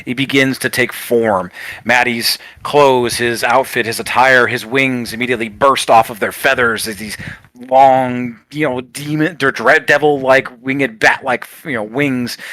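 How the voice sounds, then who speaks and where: A man's voice: mid-range voice, sharp tone, no echo. A man narrating as game master of a tabletop game, describing scenes in a loose way full of fillers.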